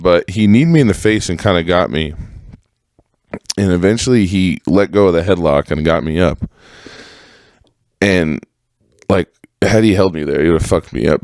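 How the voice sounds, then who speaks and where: A man's voice: low voice, no echo, studio quality. A man hosting a podcast alone, telling old stories in a rambling, profane, casual way and mimicking other people's voices. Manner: profane, rambling, animated when quoting others. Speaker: podcast host. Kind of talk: casual storytelling monologue.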